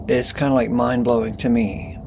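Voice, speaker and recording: Man, gravelly voice, casual earnest talk, directing a reader, faint hiss behind. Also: mid-range voice, flat delivery, moderate pace, a little mellow. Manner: earnest, chatty, stops to direct. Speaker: writer directing the reading. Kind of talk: casual conversation.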